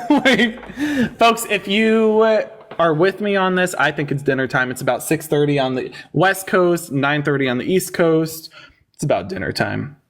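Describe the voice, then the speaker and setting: A man's voice: on the high side, lively intonation, normal speed. A man hosting a livestream debate, talking casually with a sarcastic, incredulous edge.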